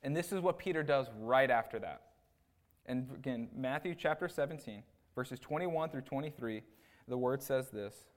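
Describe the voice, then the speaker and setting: Mid-range and at normal speed, the voice belongs to an assistant pastor delivering a relaxed, conversational sermon. He checks in often with "right?", tosses in casual asides, and acts out the people he talks about with animation.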